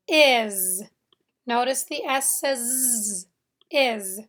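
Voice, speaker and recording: A woman with a high, bright voice gives a phonics lesson at a very slow pace. She draws out each sound and repeats example words so learners can echo them. Her delivery is careful and deliberate. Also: expressive. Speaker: English phonics teacher.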